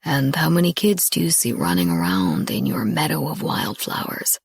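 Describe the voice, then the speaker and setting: A woman voicing a cocky, teasing young man in a romance audiobook, dropping her voice lower for him. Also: big pitch swings, moderate pace, vocal fry, breathy edge, no room sound, heavily acted. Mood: soft.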